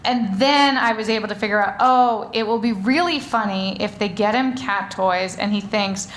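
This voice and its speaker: Onstage before an audience, a woman author chats in a mid-range voice at a moderate pace with few pauses. Her talk rambles in a chatty way, full of fillers and restarts, in a live stage conversation with a little hiss or hum.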